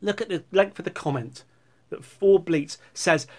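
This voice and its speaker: A man's voice: fairly high pitch, normal speed. A middle-aged man rambling sarcastically as he reads out viewer comments on his channel. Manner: sarcastic, rambling, puts on silly voices for comments. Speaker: YouTuber reading viewer comments.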